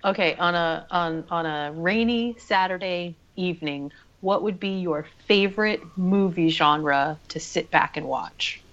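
A woman's voice: on the low side, a little slow, hardly any pauses, fairly bright tone, dull audio. A woman asking casual interview questions.

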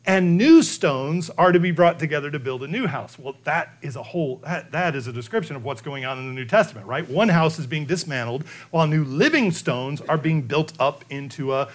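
A man preaching an expository sermon, emphatic, slowing to dramatic phrases for weight. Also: a little high.

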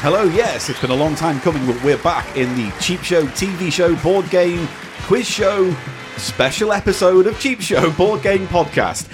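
A man's voice: high voice, moderate pace, over music. A man hosting a comedy podcast, rambling playfully through a self-mocking intro. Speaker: podcast host.

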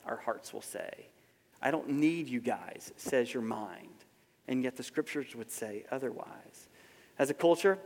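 A man preaching a sermon in a conversational way to a live congregation, often asking rhetorical questions. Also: a little high. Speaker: pastor. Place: large hall with a live congregation. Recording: long hall reverb.

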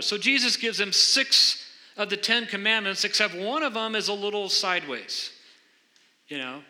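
A male pastor with a high-pitched, very bright and forceful voice delivers an earnest sermon. He explains scripture and asks questions of his congregation, and his voice rings with long reverb through a church hall. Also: expressive, normal speed. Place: church sanctuary before a congregation.

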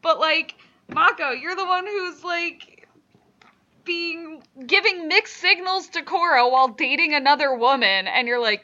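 A woman co-hosting a casual recap chat, animated and swearing, acting out quotes from what she watched. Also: sits high, a little slow, lo-fi sound. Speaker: podcast co-host.

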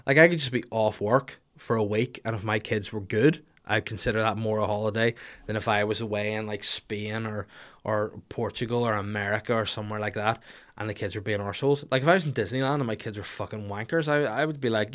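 A man's voice: on the low side, steady tone, a little fast, fairly bright tone. A man, hosting a podcast in casual, rambling comic banter full of crude jokes. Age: 30s. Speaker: podcast host. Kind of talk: casual chat.

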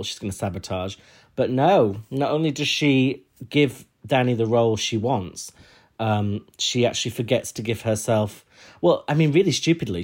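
A young man chatting casually as a podcast co-host, rambling and laughing often. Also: mid-range voice. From United Kingdom. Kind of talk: casual chat.

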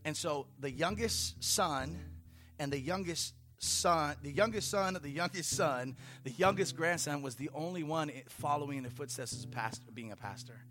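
A man preaching a conversational sermon in a church, telling a story in an animated way with playful asides. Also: on the high side, moderate pace. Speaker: pastor.

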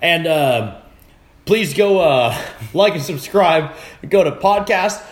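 A man's voice: a little high, expressive, slow pace, reverberant. Rambling, profane man hosting a podcast. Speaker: podcast host. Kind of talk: casual chat.

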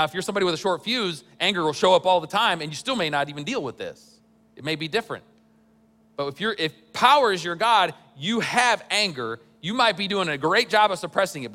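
A man's voice: a little high, sharp tone, big-room sound. A man pastor preaching a sermon in a church, talking in a conversational way with wry asides.

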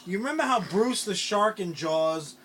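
A high-pitched man with a bright, forceful tone cohosts a casual comedy podcast. He talks in an animated way, swears freely and bursts into theatrical exclamations. Faint noise sits under his voice. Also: moderate pace. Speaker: podcast co-host.

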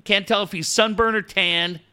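A man's voice: high voice, steady tone, moderate pace, pushed and bright, smooth. A man co-hosting a casual sports podcast, profane and boisterous as he rants animatedly.

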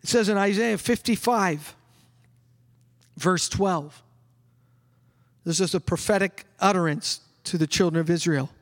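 A male pastor preaching an exuberant sermon. He bursts into yelling at times and leads the congregation in call-and-response. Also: high-pitched, measured pace, pauses often, big-room sound. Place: church sanctuary.

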